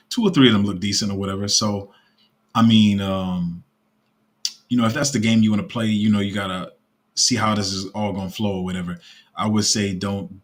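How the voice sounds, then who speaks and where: A man giving casual commentary as a crypto YouTuber, rambling with lots of fillers and restarts, his throat a bit rough. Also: fairly low pitch.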